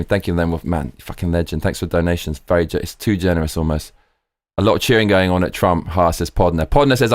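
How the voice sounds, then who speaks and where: Profane, excitable streamer. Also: male voice, sits low, a little fast, no echo, clean studio sound. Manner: excitable, profane, reads viewer comments aloud. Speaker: live stream host. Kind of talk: live reaction stream chat.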